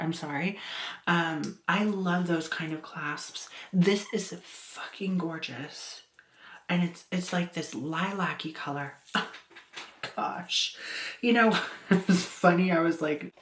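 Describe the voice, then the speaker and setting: A woman's voice: fairly low pitch, a bit bright. A woman vlogger opening gifts in a casual chat, gushing and exclaiming, with laughs between her words. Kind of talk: casual gift-opening vlog. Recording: echoey room with faint noise.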